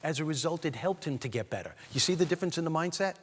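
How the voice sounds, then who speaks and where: A man's voice: a little high, fast, slight background noise. Man giving a keynote in a big hall. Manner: animated storyteller addressing the audience directly. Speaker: keynote speaker. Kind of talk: motivational speech. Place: large event hall. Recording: long hall reverb.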